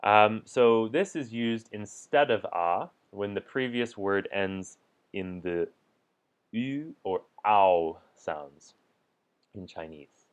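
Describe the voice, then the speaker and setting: A man teaching language points in a relaxed way, chuckling now and then between examples. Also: on the low side, takes it slowly, clean tone, dull audio.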